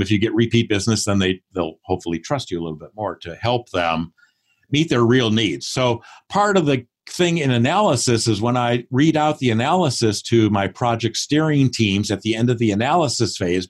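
A man in his sixties, a guest on a podcast, who talks thoughtfully and often acts out remembered conversations. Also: medium pitch. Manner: thoughtful, acts out quoted dialogue. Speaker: podcast guest, performance consultant. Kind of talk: casual interview talk.

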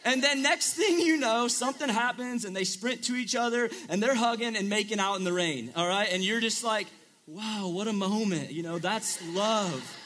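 High bright-voiced young male preacher. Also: normal speed, hardly any pauses. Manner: joking, chatty, lots of "like" fillers. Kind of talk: casual sermon. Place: room with a live audience.

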